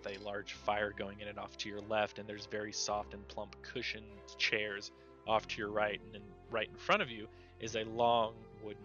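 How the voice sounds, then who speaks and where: A man narrating a tabletop game as game master in a relaxed, rambling way with fillers. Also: on the low side, normal speed, lo-fi sound, soft background music.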